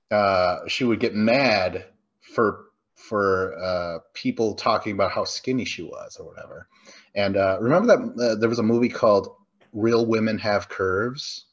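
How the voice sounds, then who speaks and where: A man's voice: lowish voice, breathy edge, lo-fi sound. A man co-hosting a movie review podcast, chatting casually and swearing freely while acting out scenes in quoted voices. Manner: loose, profane, acts out scenes in quoted voices. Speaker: podcast co-host.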